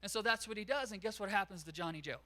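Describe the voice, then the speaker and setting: A man pastor preaching a sermon in a church, telling a story in an animated way. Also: high voice, fast. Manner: animated storytelling, acts out quotes.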